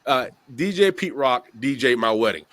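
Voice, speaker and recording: A man's voice: mid-range voice, normal speed, dry recording. A man hosting a podcast, telling a long story with lots of acted-out quotes. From New York. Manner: animated storyteller, acts out quotes. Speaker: podcast host. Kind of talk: casual storytelling interview.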